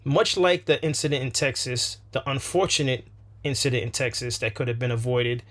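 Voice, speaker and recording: A man hosting a reaction video, speaking in a measured, deliberate way with hesitant fillers. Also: medium pitch, fairly even intonation, fairly bright tone. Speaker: channel host. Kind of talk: reaction commentary.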